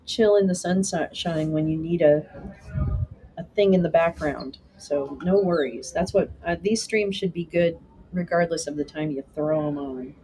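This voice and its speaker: Chatty woman streamer with a mellow, low voice. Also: unhurried, slight background noise, poor audio. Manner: chatty and meandering, with frequent restarts. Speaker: live-stream host. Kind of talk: casual live-stream chat, answering viewer comments.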